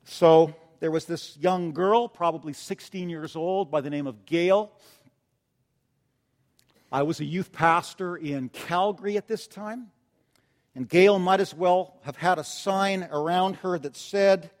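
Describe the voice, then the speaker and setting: High-voiced male pastor in a reverberant hall. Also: unhurried. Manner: storytelling, swings between loud emphasis and soft tender asides. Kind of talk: sermon. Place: church sanctuary. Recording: long church-hall reverb.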